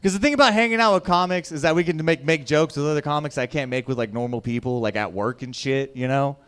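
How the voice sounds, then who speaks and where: A young adult stand-up moves fast through a crude set on stage, his clean-toned voice veering from loud bellowing to quiet grumbles.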